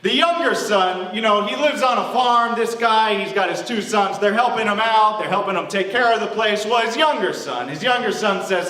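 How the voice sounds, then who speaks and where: A man preaching a sermon as pastor, telling a story with lively acted-out voices. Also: sits high, moderate pace, few pauses. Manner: animated storytelling, acting out quoted voices. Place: church hall. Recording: echoey room, from a distance.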